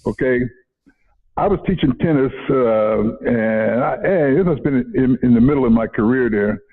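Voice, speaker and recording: A man's voice: medium pitch, moderate pace. An older man, a retired educator telling stories in an interview, repeating himself and chuckling. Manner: rambling, repeats words, chuckles often. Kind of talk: casual interview storytelling. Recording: phone-like narrow audio.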